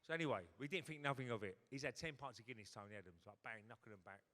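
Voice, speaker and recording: A man's voice: mid-range voice, expressive, racing, pushed and bright. A man, telling a swearing anecdote on stage in a hotel ballroom and acting out other people's lines. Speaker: guest former footballer. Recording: long reverb of a big hall.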